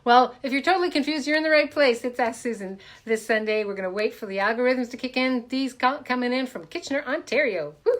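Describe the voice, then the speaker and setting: A woman hosting a live stream as a coach, talking casually and warmly greeting viewers by name with repeated welcomes. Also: a little high, fast, few pauses. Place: home, in a room.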